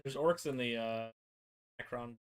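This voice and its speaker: A man co-hosting a casual live stream, explaining haltingly with many fillers. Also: medium pitch, clean tone. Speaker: co-host.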